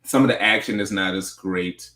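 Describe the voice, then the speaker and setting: A man hosting a casual movie review chat, speaking in a relaxed, hedging way and often repeating his words. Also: low-pitched, normal speed, echoey room. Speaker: show host.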